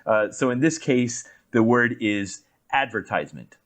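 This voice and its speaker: A man co-hosting a podcast in casual chat. He explains things in a relaxed way and trails off low at the ends of his sentences. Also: measured pace. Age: adult. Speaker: podcast co-host.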